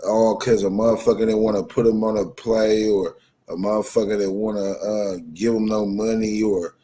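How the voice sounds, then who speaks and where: A man telling a story in casual chat, profane and animated, acting out both sides of the dialogue. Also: on the low side, moderate pace.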